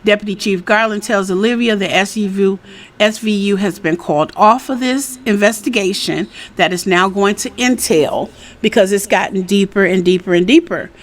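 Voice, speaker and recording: A woman's voice: medium pitch, moderate pace, slight background noise. A woman giving a casual, chatty recap of a TV episode, retelling scenes in her own words. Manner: chatty, retells scenes with quoted dialogue, frequent "you know". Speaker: TV recap host.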